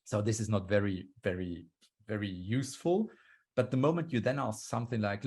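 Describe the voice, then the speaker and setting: Gravelly-voiced man explaining storytelling craft. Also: lowish voice, a little fast, darkish tone. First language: German. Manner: explanatory, acts out quoted lines. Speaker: guest speaker on storytelling. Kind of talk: conference talk over video call. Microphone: video call.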